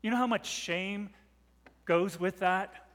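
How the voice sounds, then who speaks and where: The sermon unfolds slowly as dramatic storytelling from a high-voiced, middle-aged male preacher. Hushed passages build to loud ones, all resounding with the long echo of a big hall.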